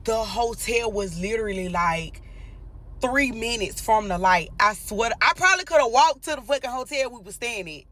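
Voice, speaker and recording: A woman's voice: on the high side, lively intonation, moderate pace, a bit bright. Blunt profane woman storyteller. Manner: blunt, profane, talks straight to viewers. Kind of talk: casual storytime vlog.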